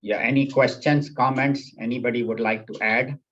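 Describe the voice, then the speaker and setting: A man's voice: mid-range voice, fairly even intonation, moderate pace, dull audio. A man teaching a scripture class at a spiritual center, explaining patiently and repeating key points. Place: class at a spiritual center, also on video call.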